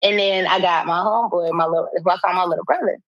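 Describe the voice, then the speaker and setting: A woman co-hosting a podcast who tells a story in a casual chat, animated and profane, laughing often as she talks. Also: on the low side, fast, vocal fry, no room sound, highs cut off. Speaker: podcast co-host.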